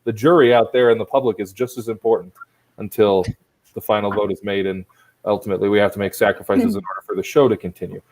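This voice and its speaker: A man's voice: lowish voice, fairly even intonation, fast talker, a little mellow, poor audio. A man hosting and judging an online improv competition from home over a laptop, chatting loosely, rambling and teasing the players with mock-strict rulings. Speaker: improv show host and judge. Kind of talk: casual comedic emceeing.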